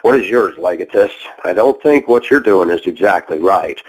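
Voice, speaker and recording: This is a man with a somewhat low voice who hosts a call-in show. He argues heatedly with a caller and lectures him in a preachy, confrontational manner. He fires pointed questions at the caller and does not let up. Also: lively intonation, normal speed, low-quality recording.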